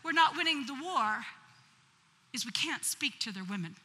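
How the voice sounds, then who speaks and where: An earnest military officer man lays out his case with firm conviction, as a woman preacher quotes him. The voice stays high and very bright. A long reverb hangs in the hall. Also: animated, normal speed, husky, heavily acted.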